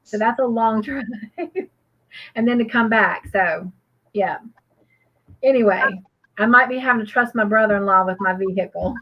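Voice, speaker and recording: A woman's voice: mid-range voice, normal speed, long pauses, dull audio, slight background noise. A woman, co-hosting a casual crochet livestream, rambling earnestly with many fillers and restarts. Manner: earnest and grateful.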